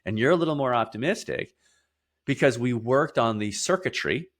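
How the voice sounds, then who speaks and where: A man guest in an interview, explaining emphatically, stacking lists of words and repeating key phrases. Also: expressive. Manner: drops to a quieter, slower, lower delivery for heavy points. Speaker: podcast guest, somatic therapist.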